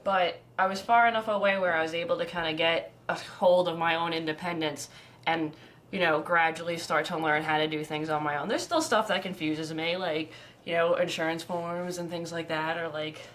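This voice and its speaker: A woman's voice: low-pitched, steady tone, normal speed, fairly bright tone, slight background noise. A woman in her twenties speaking candidly in a documentary interview, emphatic and full of casual fillers. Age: 20s.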